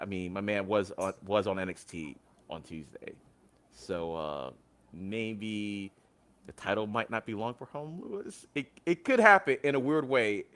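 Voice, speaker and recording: A man's voice: mid-range voice, sharp tone. A man hosting a casual wrestling podcast, who laughs often and acts out quotes in big voices. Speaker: podcast host.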